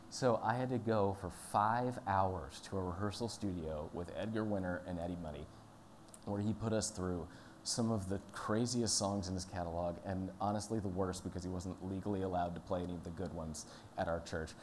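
A man with a deep, low voice delivers a sermon in an easygoing, conversational way. He tells stories and talks directly to the congregation. A faint hum of room noise sits under his voice. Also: fairly quick, a little mellow. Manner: conversational, storytelling. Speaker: pastor.

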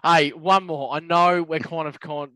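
A man's voice: fairly high pitch, steady tone, unhurried, sharp tone, no echo. An Australian man co-hosting a podcast, telling stories in casual chat, laughing and swearing a lot. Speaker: podcast co-host.

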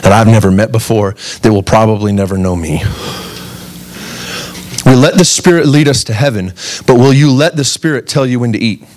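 A man's voice: medium pitch, a little mellow. A man in his thirties preaching a sermon in an earnest, conversational way, putting direct questions to his listeners. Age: 30s. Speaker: pastor.

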